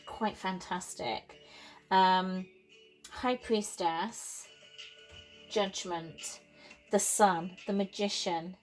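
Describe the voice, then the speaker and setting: British woman musing through a tarot reading. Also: fairly low pitch. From United Kingdom. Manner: meandering and musing, with frequent fillers and soft laughs. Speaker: tarot reader. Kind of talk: casual intuitive tarot reading.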